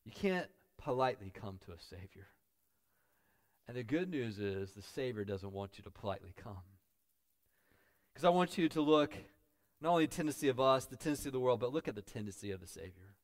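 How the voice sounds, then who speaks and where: A man preaching a sermon as pastor, dropping to quiet asides and building to loud, emphatic peaks. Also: mid-range voice, animated, brisk.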